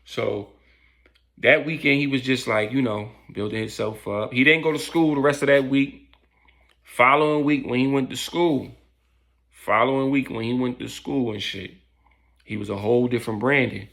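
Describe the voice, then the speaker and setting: A man's voice: mid-range voice, fairly even intonation, moderate pace, creaky, a bit bright. A man casually telling a story in loose street slang, with lots of fillers.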